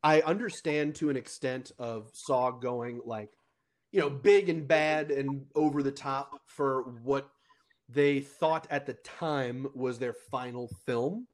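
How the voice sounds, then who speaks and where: A man's voice: mid-range voice, slow. A young man co-hosting a casual podcast, rambling with restarts and laughing often. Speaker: podcast co-host. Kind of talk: casual chat.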